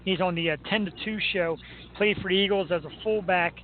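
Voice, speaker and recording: High-voiced chatty male sports host. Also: brisk. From Philadelphia. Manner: enthusiastic, chatty, laughs easily. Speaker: show host. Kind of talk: casual sports talk. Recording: tinny phone-like line with faint noise.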